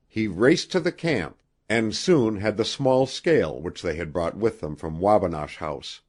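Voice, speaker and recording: A man with a deep, low voice reads an adventure audiobook in scripted narration. His pitch moves a lot, rising and falling with the story, and he tells it expressively. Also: animated, measured pace.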